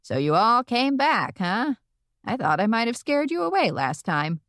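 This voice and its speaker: A woman's voice: a little high, sing-song, a little slow, fairly bright tone, no room sound, voice pushed up, heavily acted. Woman playing old witch grandma, stand-up comic, brassy, bawdy, punchy lifts, dry audiobook sound. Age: older. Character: brash elderly witch grandmother doing stand-up.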